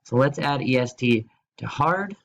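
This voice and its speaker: Seated at his computer, a man records a remote grammar lesson, explaining slowly, spelling words out, and mixing in playful quiz questions and jokes. His mid-range voice is creaky with lively intonation, and the audio sounds dull.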